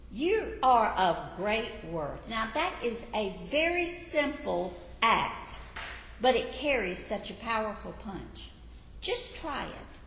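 Slow, earnest woman preaching in hall. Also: medium pitch. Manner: earnest, dramatic storytelling with acted shouts. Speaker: women's ministry speaker. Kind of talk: sermon. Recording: echoey hall from afar, faint room hum.

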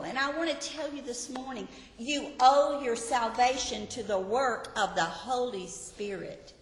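Woman, Bible lesson teacher, slow deliberate pace, long hall reverb, earnest rhetorical questions. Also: on the high side, fairly bright tone.

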